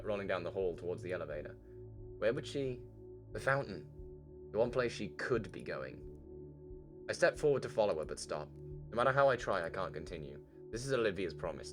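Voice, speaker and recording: A male game streamer with a low voice that swings widely as he reads a visual novel aloud. He keeps cutting in with his own reactions and casual swearing, and his delivery stays lively throughout. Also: normal speed, long pauses, over music. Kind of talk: reading a visual novel aloud with live commentary.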